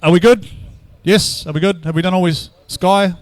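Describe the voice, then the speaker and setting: A New man hosts live commentary at an outdoor drift track, his voice a little higher than most. He jokes with the crowd in a relaxed way as the drivers line up. His mic sounds close and dry, and vehicles rumble in the background. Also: normal speed, no echo. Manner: chatty, teasing banter with the crowd. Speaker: event commentator.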